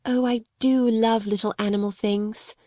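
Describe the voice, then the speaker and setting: A woman doing a high, bright-voiced young girl in a storybook, earnest and courteous, tender and eager, lifting her voice well above the narrator's, recorded dry and close with no room sound. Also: steady tone, normal speed, no echo, lightly acted. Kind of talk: audiobook character reading.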